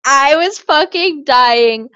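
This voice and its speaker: A woman's voice: high-pitched, animated, slow, sharp tone, no echo. A woman co-hosting a casual chat, telling a crude story with lots of laughing. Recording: dull lo-fi sound.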